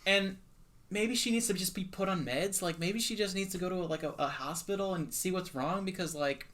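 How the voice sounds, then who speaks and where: A man's voice: high voice, a little fast, a bit bright. A man co-hosting a podcast in casual, joking chat, laughing often. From United States. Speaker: podcast co-host.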